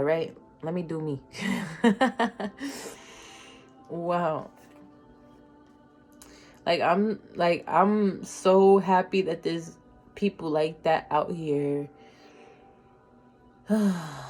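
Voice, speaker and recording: A woman giving a casual tarot reading, emotional and slangy, swinging between loud excitement and soft near-whispers. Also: low-pitched, drawn-out words, pauses often, soft background music. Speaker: tarot reader.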